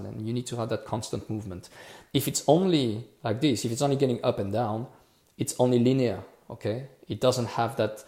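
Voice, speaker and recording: A man from France speaking English, reading out and answering viewer comments on a livestream. He talks earnestly, repeats himself and restarts phrases as he goes. His voice has a gravelly fry, and the audio sounds roomy and echoey. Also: medium pitch, warm tone. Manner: earnest, repetitive restarts, says "okay" and "bro" often. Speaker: activist hosting a live Q&A.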